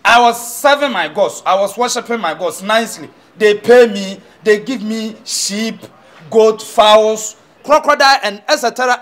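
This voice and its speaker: A man's voice: high voice, fairly bright tone. A man playing a blustering Ghanaian fetish priest. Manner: blustering, repeats threats. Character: threatening male fetish priest student. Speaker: student who is a fetish priest. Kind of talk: comedy film acting.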